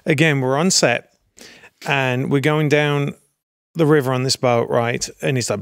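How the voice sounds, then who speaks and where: Animated British storyteller, middle-aged, gravelly tone, dry studio mic. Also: male voice, mid-range voice, a little slow, dry recording. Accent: British English. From Britain. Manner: animated storyteller, laughs often. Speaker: actor guest. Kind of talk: casual anecdote telling.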